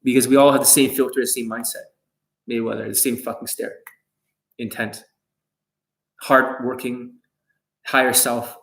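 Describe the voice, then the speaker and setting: A man's voice: normal speed, gravelly, long pauses, low-quality recording. Blunt, profane man on a livestream. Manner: blunt, heavily profane, confrontational; animated, swings between loud jabs and low asides. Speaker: dating coach livestreaming to viewers. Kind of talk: live stream rant, reading viewer comments.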